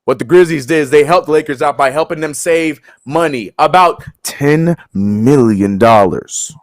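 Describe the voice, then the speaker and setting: Man, sports talk host, animated, joking, slightly high voice. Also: normal speed. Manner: animated, laughing, joking asides.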